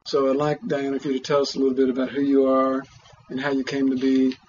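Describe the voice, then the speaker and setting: A man interviewing a guest in a measured, halting way with fillers. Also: medium pitch, completely flat delivery, darkish tone, slight background noise. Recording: dull lo-fi recording.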